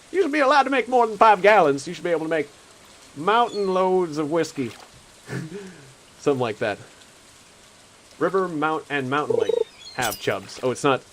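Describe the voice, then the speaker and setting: A young man streams a game while chatting casually, rambling and laughing often. His voice is a little high, and the poor audio has slight background noise.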